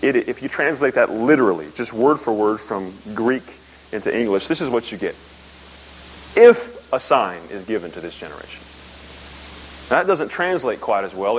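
A man preaching a sermon, emphatic, asking rhetorical questions and swinging from loud peaks to low, quiet lines. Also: low-quality recording. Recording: faint hiss.

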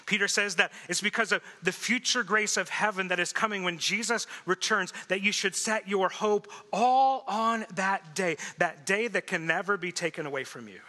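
A man preaching a sermon as pastor, lively, asking the congregation questions and laughing often. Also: high voice. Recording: echoey hall reverb.

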